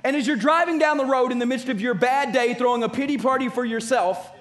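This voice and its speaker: A man's voice: very high-pitched, fast, a bit bright. A man preaching a sermon as pastor, emphatic and repeating his key phrases.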